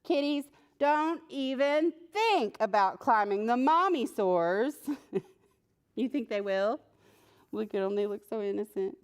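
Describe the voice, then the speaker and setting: A woman librarian reading a picture book aloud to preschoolers, playful and animated, talking to the characters and laughing often. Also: fairly high pitch, unhurried, clean tone. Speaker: children's librarian.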